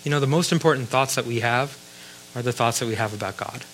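A man's voice: mid-range voice, fast, a bit bright, slight background noise, poor audio. A man preaching a sermon in a conversational way, reading scripture and adding wry asides. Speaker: pastor.

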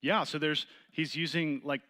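A man teaching a Bible study, reading scripture aloud and explaining it to a group with questions, getting louder and higher when he stresses a point. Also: steady tone, normal speed. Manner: rises in pitch and volume when stressing points.

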